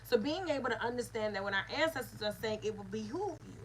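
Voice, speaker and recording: A woman's voice: a little high, animated, fast talker, slight background noise, poor audio. A woman, a mother and spiritual teacher, giving an earnest lesson with repeated phrases and call-and-response. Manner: earnest, repetitive teaching cadence.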